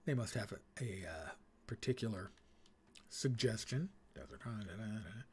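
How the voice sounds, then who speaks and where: A man's voice: lowish voice, expressive, normal speed, a little mellow, a little hiss or hum. A man streaming a game live, chatting casually with wry humor and muttering to himself as he reads. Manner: wry and chatty, mock-judging player names. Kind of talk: casual gameplay commentary.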